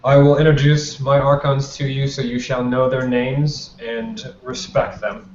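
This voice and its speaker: A man's voice: mid-range voice, little pitch movement, measured pace, natural voice. Man playing a stately female vampire Justicar. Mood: formal. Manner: formal, stately introductions. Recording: roomy, dull lo-fi, faint noise.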